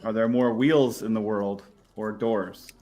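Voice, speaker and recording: A man's voice: fairly low pitch, steady tone, measured pace, darkish tone, highs cut off. A man commentating live poker, breaking down hand strategy in an analytical, easily amused way.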